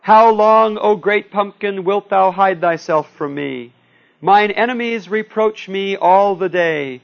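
A man voicing an earnest little boy from a comic strip, praying in slow, pleading, old-fashioned phrasing. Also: high voice, creaky, dull audio, voice pushed up, exaggerated voice.

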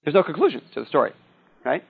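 A man lectures to a class in a loose, conversational way, often pausing to check in with his listeners. His voice sits a little high for a man, and the recording is dull and lo-fi. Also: wildly swooping pitch, vocal fry, husky. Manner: conversational, frequent "okay?" and "see?" checks.

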